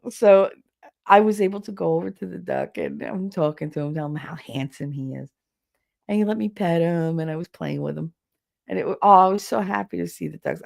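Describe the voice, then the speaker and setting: Deep-voiced woman, gravelly, casual livestream host with an animated, chatty delivery. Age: adult with children. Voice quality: low deep voice. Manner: chatty, animated storytelling, laughs often. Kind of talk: casual livestream chat reading the chat.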